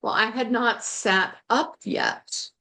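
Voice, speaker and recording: Slow-talking woman telling her story. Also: fairly high pitch. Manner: slow, animated storytelling with laughs. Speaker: guest. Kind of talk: personal story in an interview.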